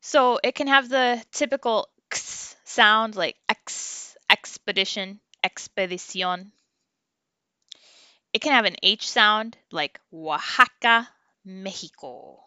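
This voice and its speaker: Bright, slow-drilling woman teacher. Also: mid-range voice, dry recording. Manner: slow, clear drilling of syllables for learners to repeat. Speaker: Spanish teacher. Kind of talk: online language lesson.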